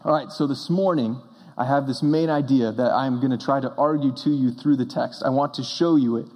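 Young man, pastor, earnest storytelling sermon, mid-pitched voice, long church reverb. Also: a little fast, a little mellow. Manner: earnest, storytelling preacher with emphatic bursts. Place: church sanctuary.

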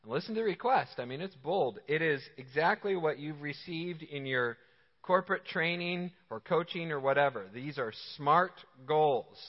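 A man preaching a sermon with energetic, emphatic, conversational delivery. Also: a little high, normal speed. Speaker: pastor. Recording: reverberant hall, slightly dull sound.

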